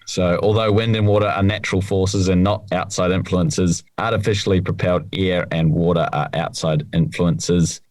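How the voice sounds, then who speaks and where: A man's voice: deep voice, steady tone, normal speed, few pauses, darkish tone, no echo. A man co-hosting a podcast, explaining rules plainly in casual chat. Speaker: podcast co-host, rules expert.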